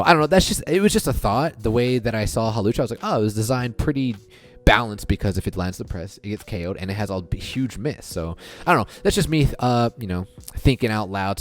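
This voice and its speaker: A man giving casual commentary over his recorded game, thinking out loud and retelling the match in a chatty way. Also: on the low side. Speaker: gaming video creator.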